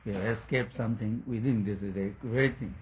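A man's voice: on the low side, fairly quick, dull audio, slight background noise. A man giving a spiritual talk, telling a story in a rambling way, searching for words and chuckling.

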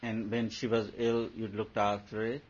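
A man's voice: lowish voice, level tone, normal speed, husky. Man giving a playful spiritual talk. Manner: playful, laughing, acts out scenes. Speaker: spiritual teacher. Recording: dull lo-fi recording, faint background hum.

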